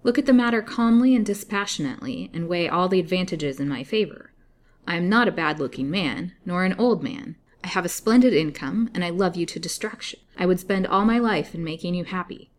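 A woman voicing a cold, insistent young male suitor in a storybook reading, speaking forcefully. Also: deep voice, fairly quick, close to an everyday voice. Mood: pleading. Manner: forceful, imploring then menacing.

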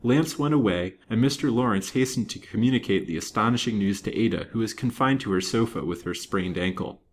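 Low-voiced man reading a novel aloud. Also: brisk. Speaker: storybook reader. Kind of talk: scripted narration of a Victorian novel.

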